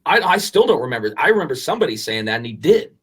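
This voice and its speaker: A man in his forties, co-hosting a podcast, telling a story in an animated, rambling way with restarts and casual swearing. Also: medium pitch, very fast, slightly rough. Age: 40s. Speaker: podcast co-host.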